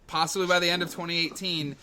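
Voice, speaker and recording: A man co-hosting a casual gaming podcast, speaking with hesitant, halting starts. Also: fairly high pitch, flat delivery, crowd noise. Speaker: podcast co-host.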